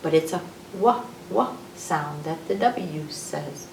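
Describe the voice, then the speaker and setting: A woman's voice: deep voice, slow pace, vocal fry, a little mellow, slight background noise. A woman hosting a library storytime, reading a children's alphabet book and playfully acting out letter sounds. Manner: playful, sing-song phonics teaching with sound effects. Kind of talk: children's read-aloud lesson. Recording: echoey room, distant mic.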